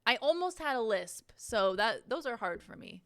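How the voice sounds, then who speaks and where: A woman's voice: fairly high pitch, very animated, normal speed, a bit bright, no echo. A young woman streaming at home, chatting casually in a giggly, rambling and self-deprecating way as she reacts.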